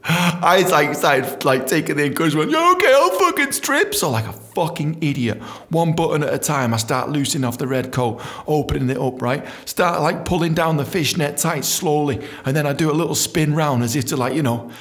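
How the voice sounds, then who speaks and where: A man's voice: on the high side, brisk. A man hosting a podcast, casually telling stories and reading from his book, swearing freely and acting out other people's voices. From England. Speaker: podcast host.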